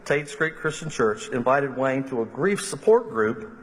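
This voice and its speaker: A middle-aged man, a minister giving a funeral eulogy and telling humorous stories, slipping into lively quoted voices. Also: mid-range voice, a little slow, slight background noise. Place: church sanctuary. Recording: long reverb of a large church hall.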